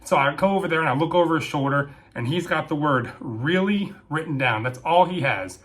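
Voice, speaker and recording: A man telling a comic story about his days as a military police dispatcher, acting out the lines with sudden shouts and asides. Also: a little high, fairly quick. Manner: animated, acts out quotes with shouting and asides. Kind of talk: comedic storytelling.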